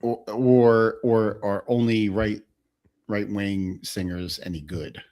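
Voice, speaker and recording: A man's voice: lowish voice, fairly even intonation, slow, darkish tone. A man co-hosting a podcast, joking and teasing in casual chat. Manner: jokey, teasing. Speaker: podcast co-host.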